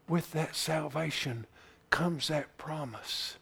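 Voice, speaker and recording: A man preaching a sermon into a camera, swinging from loud shouting to hushed whispers and repeating phrases for emphasis. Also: mid-range voice, slow pace, gravelly, hardly any pauses, slightly rough. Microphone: camera he speaks into.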